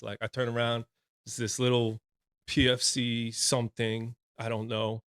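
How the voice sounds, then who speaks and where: A man's voice: mid-range voice, little pitch movement, normal speed, a bit bright, clean tone, dry recording. A man in his thirties, a retired Navy corpsman, telling his story as a podcast guest in a casual, frank way and laughing often.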